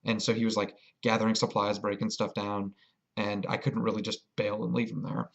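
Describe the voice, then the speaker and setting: A man's voice: lowish voice, little pitch movement, a little fast, vocal fry, lo-fi sound. Rambling man telling a game story. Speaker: vlogger. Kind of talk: casual storytelling vlog.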